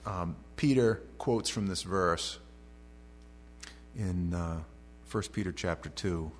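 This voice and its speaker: A pastor with a deep voice preaches slowly through a passage verse by verse, reading the scripture aloud and then restating it in casual, modern language. Soft music plays behind him, and a faint mains hum runs through the recording.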